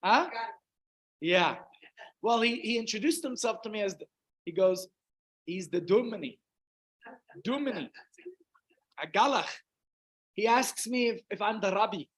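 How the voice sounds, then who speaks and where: A man's voice: high-pitched, lively intonation, unhurried, pauses often, fairly bright tone, low-quality recording. A man with a Russian accent, a rabbi telling a long humorous anecdote in a chatty, self-interrupting way. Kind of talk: anecdotal storytelling talk.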